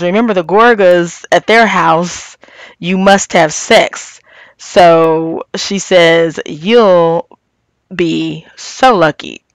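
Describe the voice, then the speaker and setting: This is a woman giving a casual recap and review of a reality show. She takes her time, speaks in a middle pitch for a woman, and speaks her opinions straight to her viewers. The sound is dry, with no room around it. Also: smooth, no room sound.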